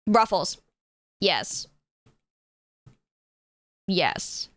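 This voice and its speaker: A woman's voice: on the low side, sing-song, extremely slow, no echo. A woman streaming live, chatting casually with her viewers, laughing often and swearing freely. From United States.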